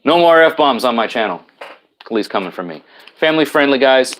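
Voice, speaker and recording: A man's voice: mid-range voice, expressive, brisk, a bit bright, a little hiss or hum. A man with a New York accent hosting a live stream, chatting casually and answering viewer comments, rambling with many restarts. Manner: rambling, frequent restarts and repeated words.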